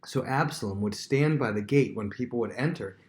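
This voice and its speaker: A man's voice: mid-range voice, fairly quick, darkish tone, slight background noise. A man teaching a recorded Bible lesson in a conversational way, acting out scenes and often repeating himself.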